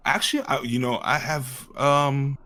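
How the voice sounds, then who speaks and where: A man's voice: mid-range voice, fairly even intonation, a little slow, bright, forceful tone. A man being interviewed as an actor guest, talking in a rambling, casual way with many fillers and frequent laughter.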